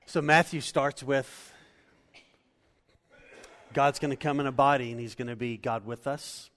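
A man's voice: medium pitch, steady tone, unhurried, fairly bright tone, big-room sound. A man in his forties preaching a conversational sermon as pastor, talking easily and personally. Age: 40s. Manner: conversational, laughing asides.

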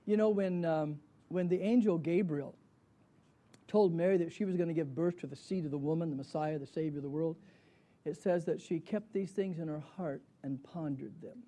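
Guy teaching a bible class, high and kinda bright sounding, chatty, keeps asking the class stuff. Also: normal speed. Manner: conversational, asks the class questions and answers them. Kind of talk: Bible study lecture.

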